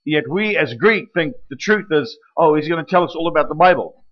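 A man preaching a sermon in a lively teaching manner, often checking in with questions like "right?" and "okay?". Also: on the high side, fairly quick. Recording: dull lo-fi recording.

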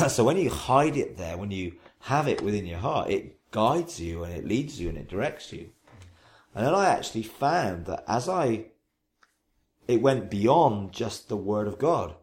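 A preacher talking earnestly in an interview about his faith, unhurried, often restarting and repeating phrases, and slowing to recite scripture with emphasis. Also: lowish voice, sing-song, darkish tone, slight background noise. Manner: slow, emphatic recitation when quoting scripture. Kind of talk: reflective interview testimony.

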